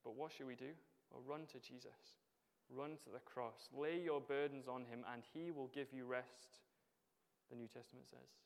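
A man's voice: mid-range voice, steady tone, moderate pace, smooth. A man preaching a sermon in a church, talking conversationally and asking his listeners rhetorical questions. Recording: long hall reverb.

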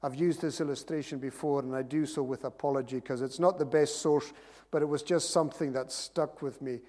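A man's voice: on the high side, fairly even intonation, brisk, darkish tone. A man preaching a sermon, earnest and rising to emphatic repeated phrases. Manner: earnest, builds to emphatic repetition. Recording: long hall reverb.

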